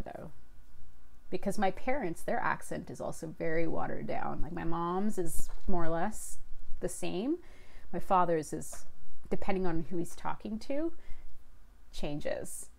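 Young woman host, lower voice, easygoing chatter with fillers. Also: a little mellow. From Canada. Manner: chatty, rambling with fillers and laughs. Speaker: livestream host. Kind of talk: casual chat reading viewer comments.

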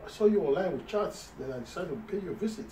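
A man with a high but mellow voice banters in a joking skit over a meal, mock-earnest and quick to laugh. He sounds distant from the mic in an echoey room with faint noise behind him. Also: lively intonation. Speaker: co-host playing a visitor.

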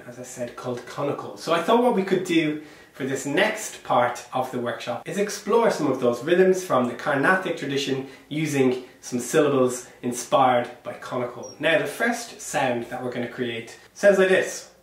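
A man leading an online percussion workshop. He speaks encouragingly, wears a small clip-on mic, and chants rhythm syllables aloud to demonstrate. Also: medium pitch. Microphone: small clip-on microphone. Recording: very echoey room, voice sounds distant.

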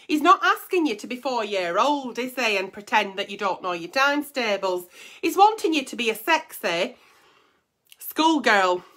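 A woman's voice: fairly high pitch, lively intonation, normal speed, a bit bright. A woman hosting an advice show, blunt and teasing, swearing freely in casual comic chat.

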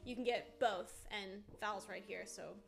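A woman's voice: medium pitch, a little slow, gravelly, faint music behind. A woman who voices characters, hosting a live autograph stream in bubbly, gushing casual chat.

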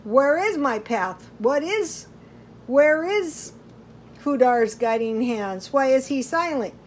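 A woman's voice: fairly high pitch, fairly even intonation, a little slow, darkish tone, a little hiss or hum, close to an everyday voice, low-quality recording. A woman voicing a troubled male chieftain who pleads and questions in a storybook reading. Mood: anguished. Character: troubled male warrior chieftain, desperate and angry.

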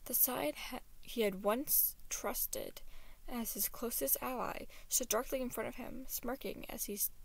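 Woman narrator, fairly high, unhurried, reads fan stories. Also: gravelly. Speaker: fan-fiction reader. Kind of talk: audiobook-style story reading.

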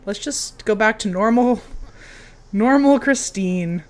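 A young woman giving casual, excitable commentary while playing a video game, cheering on her character. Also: a little high, takes it slowly. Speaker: game streamer.

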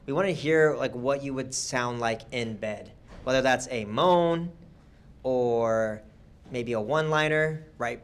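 A man's voice: mid-range voice, measured pace, clean tone. Young male streamer hosting loosely. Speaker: stream host. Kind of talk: casual stream banter.

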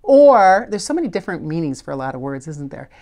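A patient, encouraging woman leads a video spelling lesson. Her voice sits a little low. She slows down to sound out letters one by one. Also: big pitch swings, dark tone. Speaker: literacy teacher.

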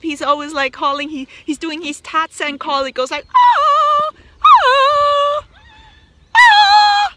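A woman's voice: sits high, pushed and bright. A woman with a German accent vlogging outdoors in a windy park, bubbly and giggly, calling out to her parrot. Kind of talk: outdoor vlog chat.

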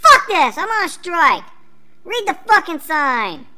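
A man voicing a hyperactive, annoying kid in a flash cartoon, talking in rapid taunting chatter. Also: high-pitched, lively intonation, bright, forceful tone, clear, resonant tone, heavily acted. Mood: furious. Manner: rapid taunting chatter, mocking sing-song.

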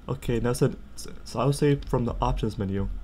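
Young man, let's play host, casual, jokey, excitable, mid-pitched voice. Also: a little fast, slight background noise. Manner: excitable, jokey, jumps to high-pitched outbursts. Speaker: gaming channel host.

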